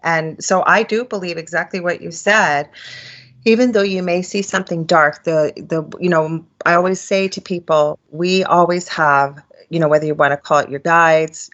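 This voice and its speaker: A woman's voice: low-pitched, a bit bright, highs cut off. A woman hosting a casual spiritual chat, rambling and hedging as she talks. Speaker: podcast host.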